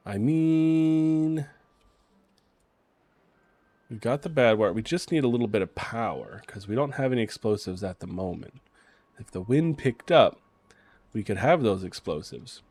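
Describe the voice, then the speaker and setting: A man casually commentating his gameplay on a stream, chatty and excitable, cursing now and then. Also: on the low side, breathy edge. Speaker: game streamer.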